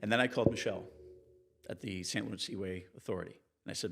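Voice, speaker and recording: Man telling lively newsroom war stories. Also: fast, gravelly, a little hiss or hum. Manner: animated, acts out quoted people with raised pitch. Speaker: investigative TV reporter, guest. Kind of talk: conversational storytelling in an interview.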